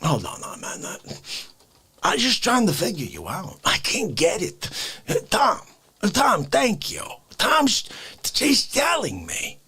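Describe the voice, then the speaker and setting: Man voicing a slow, breathy old crank who rambles and rants in big swings. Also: sits high, huge pitch swings, heavily acted. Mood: ranting. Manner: rambling rant, bursts into shouts. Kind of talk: comedic improvised rant.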